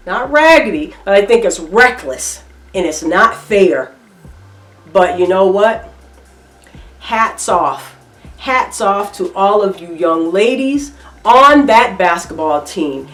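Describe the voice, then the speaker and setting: Slow-talking indignant woman, echoey room. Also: medium pitch, distant mic. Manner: emphatic, repetitive, indignant commentary. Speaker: reaction vlogger. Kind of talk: opinion commentary vlog.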